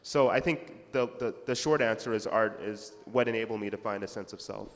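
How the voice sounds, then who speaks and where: A man's voice: on the low side, fairly quick, long reverb tail. A man talking as an author guest in a festival panel conversation, reflective and easygoing. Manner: reflective, animated when retelling memories. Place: festival hall.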